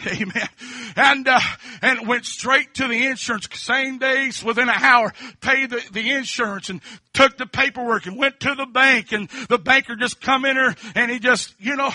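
Preacher man, fairly high voice, folksy testimony w amens, dry close sound. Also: fairly even intonation, normal speed, no room sound. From Kentucky. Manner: folksy storytelling punctuated with amens, swinging between quiet and shouting. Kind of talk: sermon testimony.

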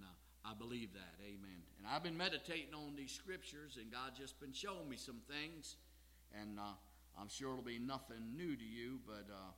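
An older man preaching a sermon in a church, reading scripture slowly and swelling louder on key words in a folksy preaching manner. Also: fairly high pitch. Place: church sanctuary. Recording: long reverb of a large hall.

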